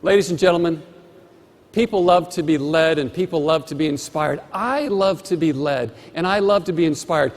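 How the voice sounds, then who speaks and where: A man's voice: a little high, normal speed. A man giving a motivational keynote speech with emphatic, rhythmic repetition, on a stage microphone in a large conference hall. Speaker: motivational speaker. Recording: long hall reverb.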